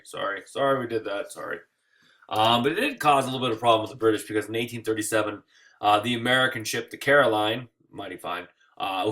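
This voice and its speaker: Man, history teacher, recorded slide lecture, jokey, tired, middle-pitched voice. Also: a bit bright. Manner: joking, acts out quick voices.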